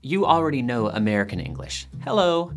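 A male presenter narrates a scripted documentary with an animated, swinging pitch. His delivery has a light, playful touch. Soft guitar plays quietly in the background. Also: moderate pace.

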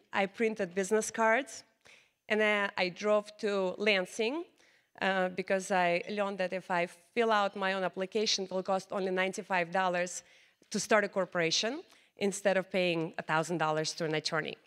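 A woman's voice: mid-range voice, a bit bright. Woman giving a keynote. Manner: earnest, determined storytelling with slightly non-native grammar. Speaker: keynote speaker. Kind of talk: keynote speech, personal storytelling.

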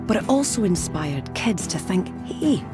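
Scottish woman narrating a doc, kinda low voice, brisk and wry, music behind. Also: big pitch swings. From Scotland. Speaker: presenter. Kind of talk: documentary narration.

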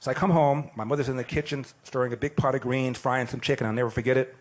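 A man in his sixties giving an animated, plain-spoken storytelling speech. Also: mid-range voice, fast. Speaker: speaker at an event.

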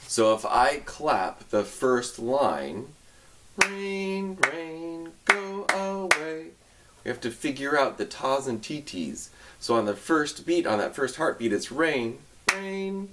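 A man teaching a music lesson to young children online. He gives upbeat directions and sings the tune for them to repeat. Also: medium pitch.

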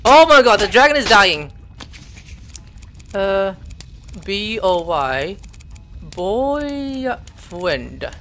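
A young man playing a video game, reading its text aloud and reacting with excited outbursts. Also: high-pitched, drawn-out words, long pauses, a little hiss or hum. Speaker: gameplay streamer. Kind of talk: casual game commentary.

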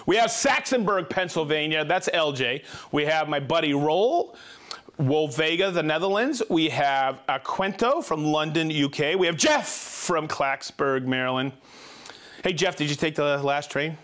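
A man's voice: on the high side, lively intonation, measured pace, fairly bright tone. A man hosting a live stream, cheerfully reading out viewers' names and hometowns, joking and stumbling over hard names. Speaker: host of a live tool stream. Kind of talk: reading out viewer shout-outs.

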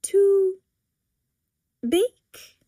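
A woman's voice: extremely high pitch, flat delivery, drawn-out words, mellow, no room sound, studio quality, voice pushed up, heavily acted. A woman voicing a suspicious, disapproving middle-aged mother who speaks with incredulous sharpness.

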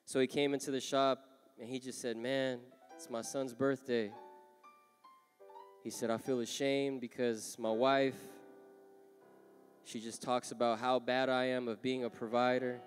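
Impassioned preacher in a reverberant hall. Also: male voice, medium pitch, little pitch movement, unhurried, pauses often. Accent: Southern Californian. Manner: rises from soft storytelling to loud impassioned preaching. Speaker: pastor. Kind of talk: sermon. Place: large church hall. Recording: long hall reverb, live church. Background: music playing.

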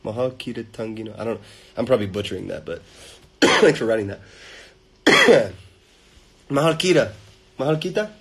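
A man with a lowish, husky voice chats casually into a phone held at arm's length. He reads out viewer comments and answers them, and his greetings jump up into playful, loud bursts. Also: animated, normal speed, rough recording. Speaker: livestream host reading fan comments. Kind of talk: casual livestream chat.

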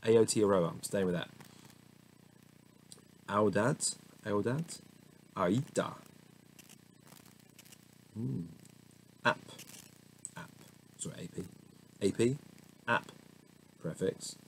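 A man's voice: on the low side, takes it slowly, long pauses, poor audio. A man reading dictionary entries aloud one by one, stumbling over pronunciations and muttering asides to himself. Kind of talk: casual word-by-word reading. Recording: faint background noise.

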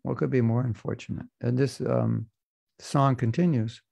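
A man with a gravelly, creaky voice teaches a scripture class. He reads slowly and with measure, then breaks off for joking asides. The sound is dry and close, with no room echo. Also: medium pitch, fairly even intonation, mellow. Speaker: spiritual teacher. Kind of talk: scripture class, reading and commenting.

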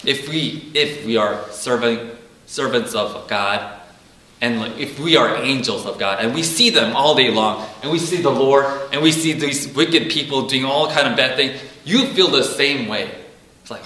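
A man's voice: medium pitch, unhurried, sharp tone, roomy sound, poor audio. A man giving an informal Bible teaching, talking casually, repeating himself and acting out quotes. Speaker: preacher.

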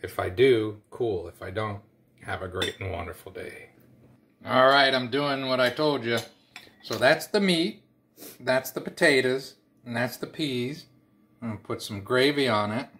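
A man's voice: medium pitch, a little slow, fairly bright tone, slight background noise. Folksy man chatting about his cooking. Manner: chatty, folksy, self-deprecating. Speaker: cooking vlogger. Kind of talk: casual cooking vlog chat.

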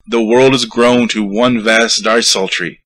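A man's voice: fairly low pitch, steady tone, unhurried, a bit bright, no echo, rough recording. A man reading a poem aloud, voicing a stout male rat that survived and recounts his feast with glee. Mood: gleeful. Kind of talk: poetry recitation.

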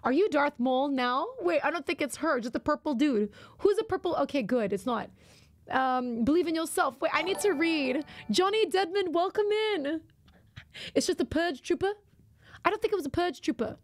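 Casting: high-voiced, gravelly woman streamer, chatty and quick to react. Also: no room sound. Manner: excitable, chatty, reads viewer messages aloud. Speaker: live-streaming gamer. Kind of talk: live gameplay stream chat.

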